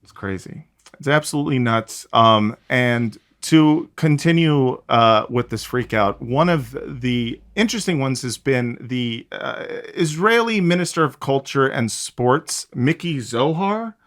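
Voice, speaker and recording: A man's voice: medium pitch, expressive, measured pace, a bit bright. A man co-hosting a podcast in casual, sarcastic chat, rambling with many fillers. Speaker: podcast co-host.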